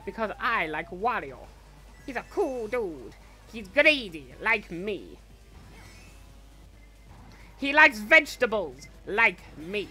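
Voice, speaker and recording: A man's voice: sits high, big pitch swings, slow, pauses often, pushed and bright, faint music behind, exaggerated voice. Marik: a man voicing a cocky young villain. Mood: playful. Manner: boastful and chatty. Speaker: fan voice actor playing a character. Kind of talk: in-character gameplay commentary.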